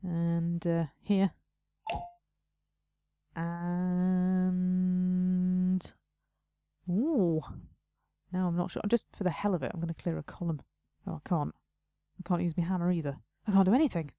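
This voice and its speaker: A young woman chats her way through a game, muttering to herself and poking fun at her own mistakes. Her voice is mellow and soft-edged, recorded close and dry with no room sound. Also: lowish voice, measured pace, long pauses, no room sound. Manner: chatty, self-mocking, talks to herself while playing. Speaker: let's play host. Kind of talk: casual gameplay commentary.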